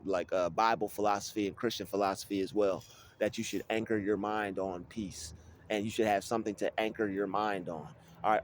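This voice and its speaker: Casting: man, low voice, loose street-casual spiritual teacher, repeats himself, faint room hum. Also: a little mellow. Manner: casual, repetitive, many restarts and fillers. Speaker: spiritual video creator.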